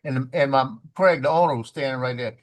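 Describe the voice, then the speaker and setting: A man chatting casually on a live stream, telling animated stories full of restarts. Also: medium pitch, a little fast. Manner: animated, restarts and laughs a lot. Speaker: guest on live chat stream. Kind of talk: casual chat, storytelling.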